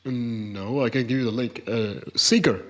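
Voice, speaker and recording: Man reading quotes in a voice chat. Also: medium pitch. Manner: reads quoted passages aloud, measured. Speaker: debater. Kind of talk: online voice-chat debate. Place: online voice chat.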